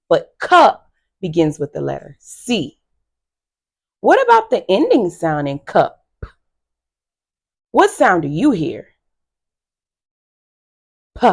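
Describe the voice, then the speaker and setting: Slow, sing-song woman teaching phonics. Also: medium pitch, vocal fry, darkish tone. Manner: slow, sing-song and encouraging, with frequent praise. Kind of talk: phonics lesson for young children.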